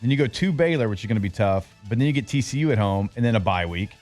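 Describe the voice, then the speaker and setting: A man's voice: fairly low pitch, animated, very fast, a little mellow, faint music behind. A man hosting a sports radio show, talking loosely with lots of fillers as he rattles off team schedules. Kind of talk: casual sports talk.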